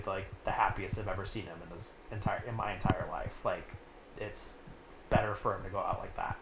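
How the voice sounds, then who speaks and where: A man's voice: lowish voice, fairly bright tone. A young man casually recapping a movie plot, rambling and filling his talk with "like". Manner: rambling, heavy use of "like". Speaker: podcast host. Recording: echoey room with faint noise.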